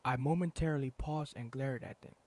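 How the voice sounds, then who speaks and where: A man telling a comedic first-person story in a calm, deadpan way, with dramatic pauses. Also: mid-range voice. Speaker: narrator.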